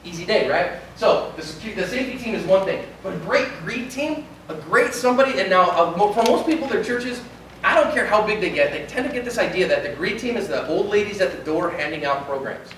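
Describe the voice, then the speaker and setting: A man who is a pastor, giving an animated conference talk and acting out little dialogues. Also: high voice, fairly quick, a little hiss or hum. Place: large conference hall. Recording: echoey hall from far off.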